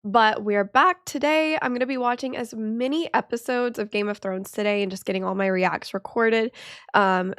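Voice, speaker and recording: A woman's voice: mid-range voice, dry recording, clean studio sound. A young woman hosting a reaction channel, talking casually to her viewers, her voice congested from a cold, rambling with many fillers. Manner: chatty, rambling with many ums and likes. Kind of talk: casual chat to camera.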